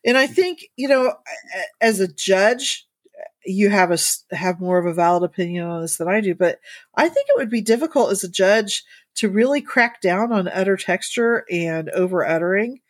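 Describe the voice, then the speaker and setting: A woman co-hosting a casual podcast chat, talking in a thoughtful, measured way with some hedging. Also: medium pitch, expressive, dry recording. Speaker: podcast co-host.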